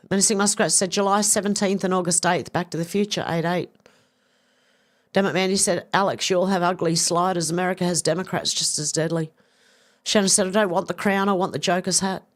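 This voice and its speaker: A middle-aged Australian woman hosting a livestream, reading viewer comments aloud in a chatty, casual way with some swearing. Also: fairly low pitch. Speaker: livestream host reading chat. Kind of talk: casual chat.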